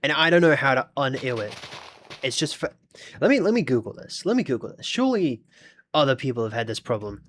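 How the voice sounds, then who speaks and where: A man's voice: medium pitch, very animated, a little fast, a bit bright, a little hiss or hum. A man with an Australian accent, chatting casually with his audience during a gaming livestream in a rambling, talkative way. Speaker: streamer.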